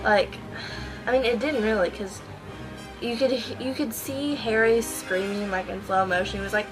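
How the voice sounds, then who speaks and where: A woman's voice: medium pitch, steady tone, moderate pace, low-quality recording. Casting: teen girl vlogger, chatty and rambling, webcam mic, faint music under. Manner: gushing, rambling with many ums and likes. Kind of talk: casual chat. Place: at home in front of a computer.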